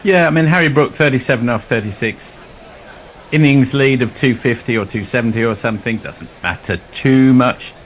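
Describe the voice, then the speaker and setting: A man's voice: medium pitch, normal speed, a little hiss or hum. A man offering casual, musing cricket commentary and chatty asides.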